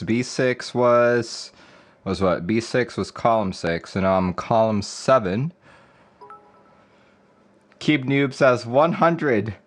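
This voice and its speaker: A man hosting a casual livestream, rambling and chuckling as he reads viewer messages. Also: lowish voice. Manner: rambling, chuckling, reading chat aloud. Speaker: livestream host. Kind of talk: casual live-stream chat.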